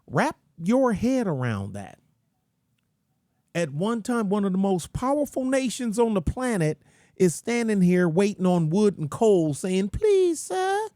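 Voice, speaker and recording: Slow, rambling man with a dry voice. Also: sits high, lively intonation, warm tone, dry recording. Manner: folksy, rambling, slangy. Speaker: channel host. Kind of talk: casual rant commentary.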